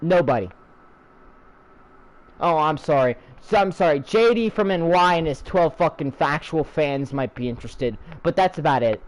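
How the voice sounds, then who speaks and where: A young man with a fairly high voice rants with heat and open sarcasm. He swears constantly and drives his points home with mocking disbelief. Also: animated, normal speed, poor audio. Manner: angry, profane, sarcastic, heated. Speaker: channel host ranting. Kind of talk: profane wrestling rant.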